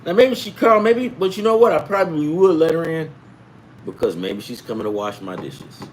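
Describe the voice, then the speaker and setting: A man's voice: fairly high pitch, animated, fairly quick, a little hiss or hum. A middle-aged man from the US East Coast telling rambling, profane stories in a casual sports betting show, acting out the voices of people he quotes. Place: home in California.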